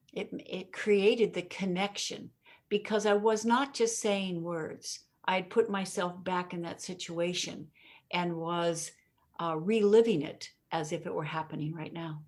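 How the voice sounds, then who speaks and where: A woman speaking as an interview guest, explaining how to deliver a message, acting out her points with pauses and stretched words, often laughing. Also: lowish voice. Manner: expressive, demonstrates delivery with pauses and emphasis; laughs often while talking. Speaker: communication coach, guest.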